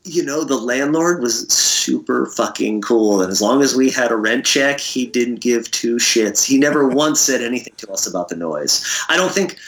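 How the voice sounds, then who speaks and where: A man's voice: mid-range voice, animated, normal speed, few pauses, fairly bright tone. A middle-aged man from Connecticut, a musician guest telling loose anecdotes in a casual interview, laughing often and swearing freely.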